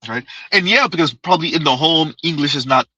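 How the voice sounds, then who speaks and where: Male livestream host, bright and slightly high, rambling and repetitive, laughs a lot, dry close sound. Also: brisk, no room sound, dull audio. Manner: rambling, repeats himself, laughs often. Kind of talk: casual live chat reading comments.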